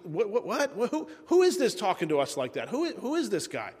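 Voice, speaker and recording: A man's voice: high-pitched, huge pitch swings, brisk, a little mellow, husky, voice pushed up, full character voice. A man voicing a furious, freshly woken army captain who fires off stammering, indignant questions. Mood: furious shouting. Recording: long hall reverb.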